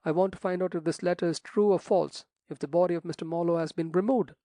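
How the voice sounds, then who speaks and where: Man playing an impatient young squire, sharp, brisk, dark and gravelly. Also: sits high, steady tone, no room sound. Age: young adult.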